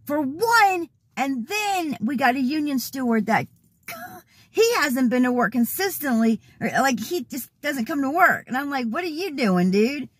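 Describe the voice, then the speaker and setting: Hoarse lady ranting to her vlog, kinda high voice, dead dry sound, exasperated. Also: big pitch swings, measured pace, dry recording. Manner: worked up, exasperated, laughing asides. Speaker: vlogger. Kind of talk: casual venting vlog. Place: in a car, then at home.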